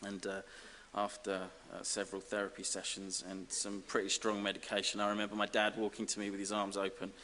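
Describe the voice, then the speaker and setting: A man from giving a self-deprecating, comic acceptance speech as an honorary graduate, halting over fillers. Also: fairly low pitch, monotone, pushed and bright. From Essex, England. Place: large ceremony hall. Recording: reverberant hall with faint hiss.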